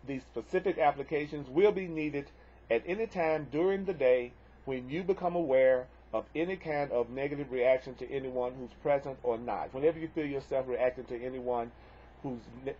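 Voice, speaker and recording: A man's voice: mid-range voice, normal speed, warm tone, lo-fi sound, slight background noise. A man teaching a spiritual lesson on video, earnestly reading and repeating affirmations with folksy asides.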